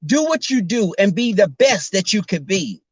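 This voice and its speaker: A man's voice: high voice, big pitch swings, moderate pace, husky, no room sound. A man vlogging while driving, chatting sassily and directly to his viewers on a casual livestream. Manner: chatty, sassy, talks straight to viewers. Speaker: YouTuber.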